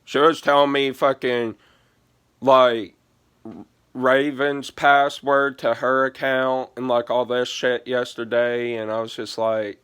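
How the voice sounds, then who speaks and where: A man chats through a long personal story for his vlog in a smooth, clear voice. He takes his time, drifts between thoughts, swears often and keeps saying "like". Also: mid-range voice, flat delivery, slow, fairly bright tone. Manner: rambling, profane, heavy use of "like". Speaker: gaming vlogger.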